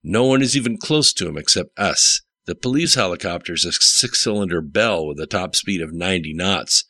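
A man's voice: sits low, moderate pace, sharp tone, no room sound. A man voicing a brash, cocky male helicopter pilot who swaggers and curses.

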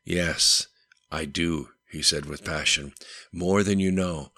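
A man's voice: low voice, fairly even intonation, takes it slowly, sharp tone, no echo, heavily acted. A man voicing an earnest, loyal male delivery manager who speaks in a heartfelt way.

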